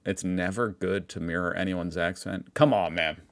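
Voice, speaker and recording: A man's voice: sits low, fairly even intonation, normal speed, fairly bright tone. An American man hosting a reaction video, making wry, joking asides. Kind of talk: casual reaction commentary.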